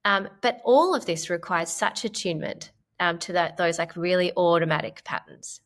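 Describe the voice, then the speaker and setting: A woman clinical psychologist, a podcast guest, explaining ideas gently and in a measured way, with frequent "like" fillers. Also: on the low side. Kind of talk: conversational podcast interview.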